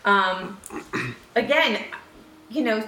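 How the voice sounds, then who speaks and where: A woman's voice: mid-range voice, big pitch swings, very slow, bright, forceful tone, echoey room. A woman co-host in casual chat, hesitant with ums but enthusiastic. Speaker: podcast co-host.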